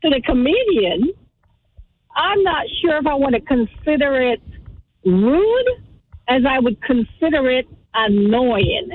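A high-voiced woman with a Guyanese accent, speaking over a thin, tinny phone line. She talks steadily and thoughtfully, laying out her points with care. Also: sing-song, slow pace. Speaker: caller, host's cousin. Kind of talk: phone-in conversation.

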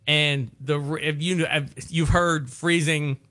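A man's voice: fairly high pitch, steady tone, slow pace, bright, forceful tone. A man with an Appalachian accent co-hosting a casual podcast chat in a joking, playful way. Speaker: podcast co-host.

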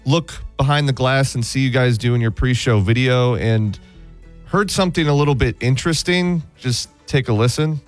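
A man's voice: mid-range voice, normal speed, faint music behind. A man co-hosting a sports talk show, giving blunt opinions and teasing his co-hosts. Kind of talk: casual sports banter.

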